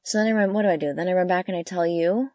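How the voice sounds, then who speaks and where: Young woman in a camper van telling a road trip story, chatty and excitable, dry close sound. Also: racing, no echo. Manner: animated, lots of fillers, jumps high when quoting herself. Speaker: travel vlogger. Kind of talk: casual storytelling chat. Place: inside a parked camper van.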